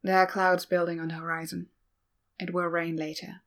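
A woman reading a gruff, steady older male warrior, blunt and dry. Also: fairly low pitch, normal speed. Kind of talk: audiobook-style fan fiction reading.

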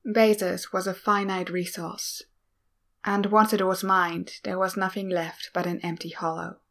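A woman narrating a piece of fan fiction in a slow, even, subdued reading. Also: lowish voice, vocal fry. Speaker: audiobook reader.

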